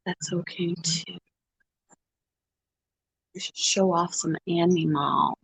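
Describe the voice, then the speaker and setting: A woman hosting a casual pet livestream at home. She talks softly, sometimes in a whisper, and coos at her animals in baby talk. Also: fairly low pitch, fairly even intonation, slow, creaky, slightly rough, dry recording, rough recording. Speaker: pet channel host.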